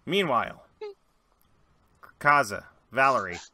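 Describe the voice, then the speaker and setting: A man narrating as game master of a tabletop role-playing game, animated with quick asides. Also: mid-range voice, dry recording.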